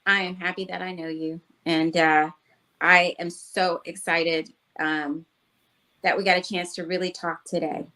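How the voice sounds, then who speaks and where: Effusive woman host, lower voice. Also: flat delivery, a little slow, sharp tone. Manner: effusive and gushing. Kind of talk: casual interview chat.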